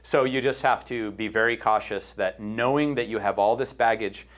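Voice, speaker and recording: A man's voice: fairly low pitch, normal speed, fairly bright tone. A middle-aged man hosting a casual podcast chat, retelling a counseling story with quoted lines and frequent fillers. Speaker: host.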